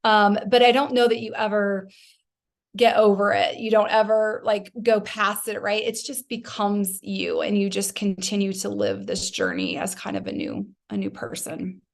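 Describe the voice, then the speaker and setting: A woman in her forties, a podcast guest speaking softly and reflectively, with frequent fillers. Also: mid-range voice, normal speed, creaky. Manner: soft-spoken, reflective, with many um and you know fillers. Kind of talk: personal testimony in a podcast interview.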